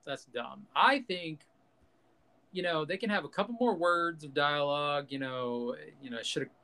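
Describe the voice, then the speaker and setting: Casting: male podcast host, somewhat high voice, casual profane rants. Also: normal speed, pushed and bright, clean tone. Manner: ranting, profane, jokey, acts out quotes.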